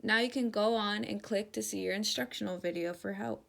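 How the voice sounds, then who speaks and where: A woman teacher giving an interactive children's read-aloud, speaking directly and warmly to the kids. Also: mid-range voice, fairly quick, creaky.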